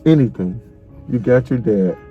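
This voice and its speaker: A man's voice: medium pitch, expressive, normal speed, lo-fi sound, soft background music. A middle-aged man, a father, crying as he tenderly tells his son he loves him, repeating himself often. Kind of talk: emotional family conversation.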